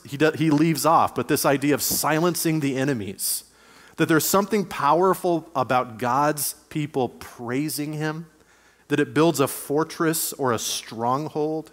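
A man preaching a sermon as pastor, speaking conversationally and reading scripture aloud. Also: medium pitch. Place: church sanctuary. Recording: long church hall reverb.

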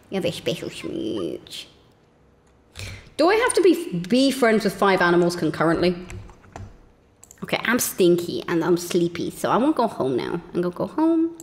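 A woman giving excitable, giggly commentary while playing a game on stream, talking to herself. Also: medium pitch, in a large hall, slight background noise. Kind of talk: gameplay commentary.

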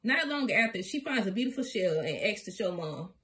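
A woman reading a children's storybook aloud in an expressive, sing-song way, often laughing along. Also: mid-range voice, brisk, breathy edge. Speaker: storybook reader.

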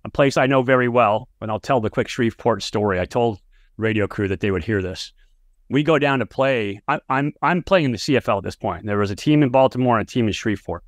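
A man's voice: fairly low pitch, no room sound, clean studio sound. A man hosting a sports podcast, chatty and telling stories as he interviews a coach. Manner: chatty storyteller, animated when telling a tale. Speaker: podcast host and analyst. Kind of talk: casual interview with anecdotes.

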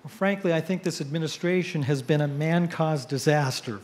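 A middle-aged man giving an after-dinner speech, telling jokes with punchline pauses. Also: on the high side, a little hiss or hum. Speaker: editorial cartoonist giving a speech. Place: cruise ship event.

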